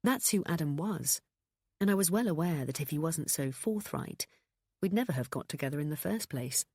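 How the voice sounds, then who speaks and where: A woman narrating a thriller audiobook in an even, measured storytelling manner. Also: low-pitched, no room sound, clean studio sound.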